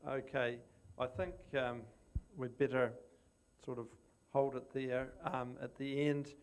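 A man chairing a conference session, closing the questions and introducing the next speaker in a relaxed, polite way. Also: medium pitch, slow, a little hiss or hum.

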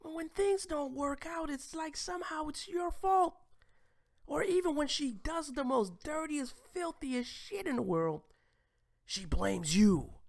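A man hosting a live stream, ranting crudely and preachily, swinging between shouting and whispering. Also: very high voice, lively intonation, a little slow, creaky.

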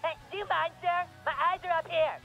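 A man's voice: extremely high pitch, steady tone, fairly quick, gravelly, bright, forceful tone, lo-fi sound, soft background music, heavily acted. A man voicing a bratty, foul-mouthed chubby cartoon boy, nasal and whiny, rude and indignant. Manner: rude, indignant, swears constantly. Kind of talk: cartoon voice acting.

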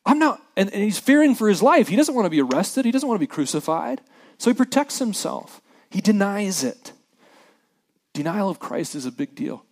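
A man preaching a sermon as a pastor, reading scripture with lively acted-out voices and dropping quiet for the somber parts. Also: high-pitched, normal speed. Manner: animated preacher who acts out scripture voices, dropping soft for somber moments.

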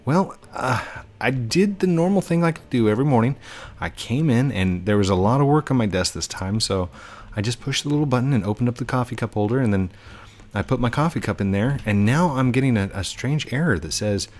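A man's voice: medium pitch, lively intonation, fairly quick, darkish tone, lightly acted. A man voicing a naive office worker calling tech support, hesitant and fumbling with his words.

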